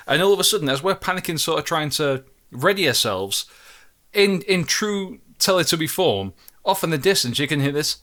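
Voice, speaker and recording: A man's voice: a little high, brisk. A young man co-hosting a gaming podcast, telling stories in casual chat and acting out the panicked voices in them. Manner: animated storyteller, acts out panicked shouts. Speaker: podcast co-host.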